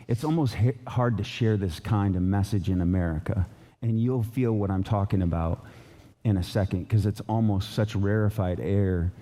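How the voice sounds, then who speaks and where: Dark-voiced male pastor, casual. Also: on the low side, normal speed. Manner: casual, loose, with fillers and restarts. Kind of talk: conversational sermon. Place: church auditorium.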